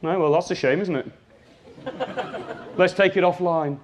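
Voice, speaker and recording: Speaking straight to his audience, a business trainer gives a lively, jokey talk at a live workshop. His voice is high and his delivery unhurried, with some chatter in the background.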